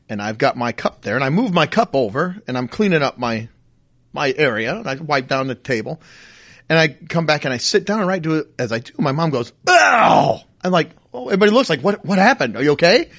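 A middle-aged man co-hosting a casual chat, telling a story in an animated, laughing, mock-outraged way. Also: a little high. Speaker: podcast co-host.

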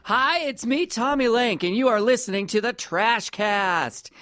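A man hosting a comedy podcast, talking in a playful, rambling, animated way. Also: very high-pitched, measured pace. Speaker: podcast host. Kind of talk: casual comedic chat.

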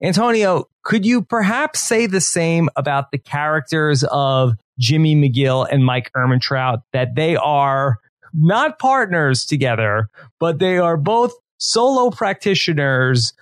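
Laid-back man, mid-pitched, dry sound. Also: unhurried, dry recording. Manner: relaxed, many fillers like "like" and "sort of". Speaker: podcast co-host. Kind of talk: casual TV episode discussion.

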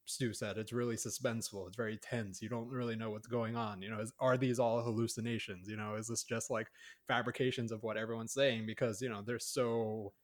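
A man's voice: fairly low pitch, level tone, fairly quick. A man co-hosting a casual podcast, rambling through a film review with many fillers and restarts. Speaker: podcast co-host.

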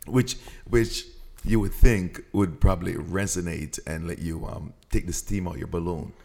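A man's voice: sits low, fairly even intonation, moderate pace, creaky, darkish tone. A man hosting a podcast interview, encouraging his guest with slangy follow-up questions. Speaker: podcast host. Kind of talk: casual interview talk.

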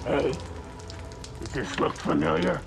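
A man's voice: fairly high pitch, slow, vocal fry, full character voice. An actor playing a sinister male plumber who taunts a boy in a TV drama, with music behind him. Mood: sinister, coaxing. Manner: mocking, teasing, sinister. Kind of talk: TV drama acting.

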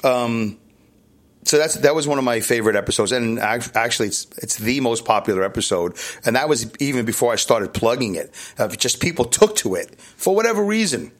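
A man with a Brooklyn accent talks into his podcast mic from a hotel room, in a rambling, chatty way. He jokes at his own expense and keeps restarting his sentences. His voice sits at a middling pitch. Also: expressive, brisk. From New York. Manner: rambling, self-deprecating, chatty with frequent restarts. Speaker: podcast host. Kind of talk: casual solo podcast monologue.

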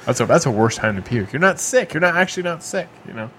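A man's voice: on the high side, expressive, fast, a bit bright, slight background noise. A man co-hosting a podcast, chatting casually and reacting to his guest with short replies and laughter. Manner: responsive, laughs along, short backchannel replies. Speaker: podcast co-host. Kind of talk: casual chat.

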